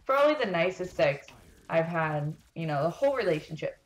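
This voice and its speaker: A young woman telling a rambling, swear-heavy story while playing a video game, venting in an animated way. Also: sits low, fairly quick. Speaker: gaming streamer. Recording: roomy echo, faint background noise.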